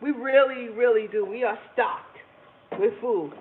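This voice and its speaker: This woman's fairly high voice keeps a measured pace as she hosts a home cooking livestream, laughing frequently and talking with viewers in a casual way. She runs a cooking channel and is recorded in her kitchen. There's a thin, phone-like quality to the sound and a bit of faint noise behind her.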